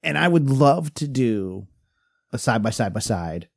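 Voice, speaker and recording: A man's voice: medium pitch, big pitch swings, a little slow, vocal fry, slightly rough, no echo, studio quality. A man co-hosting a podcast in casual chat, rambling and restarting as he goes. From Pennsylvania. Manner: rambling, restarts often, laughs while telling stories. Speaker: podcast co-host.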